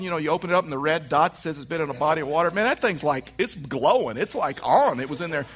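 A man preaching a sermon, telling a lively personal story and acting out his wife's lines. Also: fairly high pitch, quick pace, hardly any pauses.

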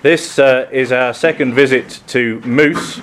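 Middle-aged English vicar, southern accent; relaxed, rambling sermon full of ums and restarts. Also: male voice, medium pitch, slow pace, a little hiss or hum. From England. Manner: chatty, self-deprecating, many ums and restarts. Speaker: priest. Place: church.

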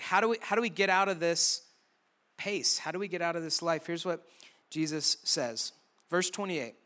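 Bright-voiced youth pastor preaching casually. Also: male voice, on the high side. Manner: casual, conversational preaching with humor. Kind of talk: youth sermon. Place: church room with a youth audience.

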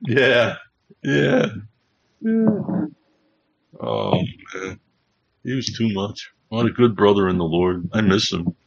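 A chaplain with a low, gravelly, husky voice tells rambling, casual stories on a Bible livestream, talking slowly with long pauses yet very animated. He restarts often and chuckles as he recalls events, all in dull lo-fi stream audio.

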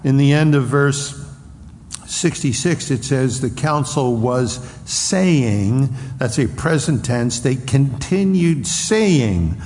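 A male preacher delivers a sermon at an unhurried pace. He speaks earnestly and at times acts out loud taunts from a crowd. His voice carries through a reverberant hall with faint ambient noise behind it. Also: medium pitch, animated, gravelly.

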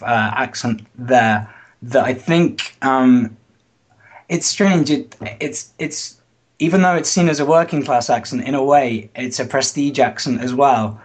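A man explaining things to his conversation partner in a casual, easygoing way, with frequent "um"s. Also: mid-range voice. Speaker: guest.

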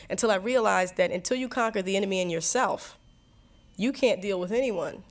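An earnest woman from New Jersey speaks in a reflective, conversational way, often restarting her sentences and laughing between thoughts. Her voice sits at a middling pitch, and she sounds like an artist sitting for an interview. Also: normal speed. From New Jersey, USA. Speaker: interviewee, singer and songwriter.

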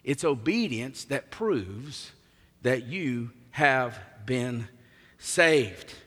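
A man's voice: mid-range voice, lively intonation, very slow, a bit bright. A man preaching a sermon as pastor, emphatic, his voice swelling and dropping in volume. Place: church sanctuary. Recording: long hall reverb.

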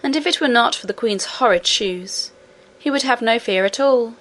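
A woman narrating a classic children's storybook in a steady, measured reading voice. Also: on the high side. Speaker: audiobook narrator.

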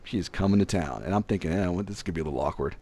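A man's voice: low voice, rapid-fire. A young man telling a casual story, acting out other people's lines as he goes. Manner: animated, acts out other people's voices.

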